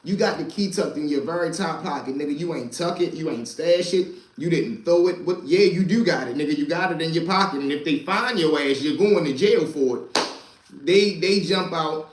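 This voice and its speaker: A man with a slightly high voice hosts a casual storytelling show, telling street stories at a moderate pace in profane street slang. He repeats lines for emphasis, and the low-quality recording sounds roomy.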